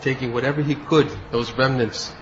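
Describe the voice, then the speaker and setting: A man's voice: medium pitch, fairly even intonation, normal speed. A man leads a devotional class as a spiritual teacher, telling a story from start to end and lending his voice to the people in it. The recording is dull and lo-fi, with a faint hiss underneath. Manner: storytelling, acts out quoted speech.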